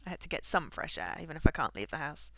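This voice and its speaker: Woman streamer, chatty and giggly, laughing at herself between lines, bright and bouncy. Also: low voice, animated, fast, dry recording. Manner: giggly, chatty, self-mocking. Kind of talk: casual gaming commentary.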